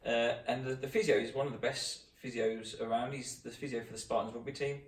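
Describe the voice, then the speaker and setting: A man's voice: mid-range voice, steady tone, fairly quick. Man, chatty, echoey and distant. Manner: chatty, recounting an injury. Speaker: fitness channel host. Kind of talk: casual chat. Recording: echoey room, mic at a distance.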